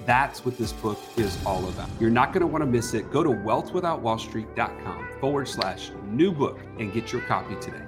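A man's voice: medium pitch, lively intonation, moderate pace, few pauses, over music. A man co-hosting a podcast in an upbeat, conversational way. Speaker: podcast co-host. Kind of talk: podcast promo and chat.

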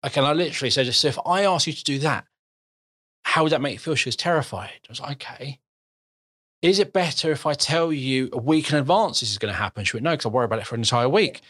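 A man's voice: a little high, expressive, quick pace, fairly bright tone. A man, a dad and co-host, telling a story hesitantly with repeated words. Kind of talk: casual conversation.

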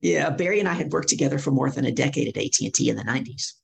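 A middle-aged woman, a guest speaker and coach, telling stories lively and acting out the voices of people she quotes. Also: rumbling low, racing, gravelly. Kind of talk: storytelling interview.

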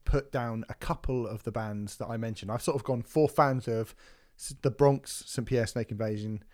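A man's voice: medium pitch, steady tone, moderate pace, darkish tone. A man raves about a hardcore album on a music podcast. He swears freely and doubles back on his sentences. His voice sits in an ordinary mid register. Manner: enthusiastic, sweary, trailing restarts. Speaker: podcast co-host reviewing an album. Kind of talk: casual music review chat.

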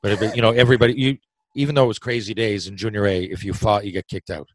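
A man with a low-ish, fairly even voice races through a long hockey story as a podcast guest; the low-quality recording carries a little hiss or hum. He's from Newfoundland, Canada, with its accent, rambling, restarting sentences, swearing casually and laughing easily.

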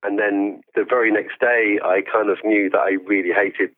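A man's voice: on the low side, steady tone, normal speed. Enthusiastic man on a phone line. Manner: enthusiastic, chatty, laughs often. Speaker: podcast guest. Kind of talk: remote interview. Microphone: phone call-in.

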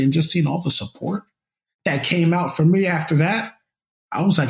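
A young man, once a college football player, recounts his story as an interview guest. His voice carries a gravelly, creaky edge, and he tells it in an upbeat, reflective manner. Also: on the high side, normal speed.

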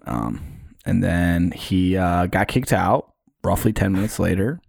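A young man, co-hosting a podcast, telling stories in a casual, animated way. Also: low voice, a little slow, vocal fry, no echo, studio quality. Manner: storytelling, animated retelling with put-on quotes. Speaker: podcast co-host. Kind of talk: casual chat.

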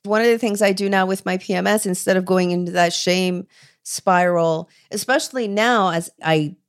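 Expressive woman in her forties, Canadian. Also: on the low side, moderate pace, clean tone. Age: 40s. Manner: expressive, acts out quoted dialogue. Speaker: ADHD coach, guest. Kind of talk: candid interview storytelling.

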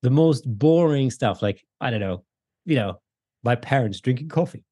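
A man's voice: mid-range voice, expressive, moderate pace, warm tone, dry recording, clean studio sound. A man in his forties in a casual podcast conversation, talking in a reflective, rambling way with many fillers.

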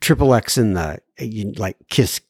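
A man's voice: on the low side, expressive, a little slow, darkish tone, no room sound, studio quality. Rambling, apologetic man hosting a podcast. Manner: rambling, apologetic, goes off on tangents with chuckles. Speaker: podcast host. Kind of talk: reading listener emails, casual chat.

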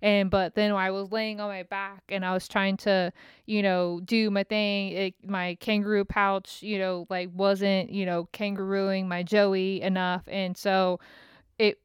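A woman talking candidly about a rough day, rambling, swearing freely and laughing at herself as she goes. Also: mid-range voice, level tone, unhurried, no room sound, studio quality. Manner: profane, frank and self-mocking; rambling, laughing through her words. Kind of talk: candid personal rant.

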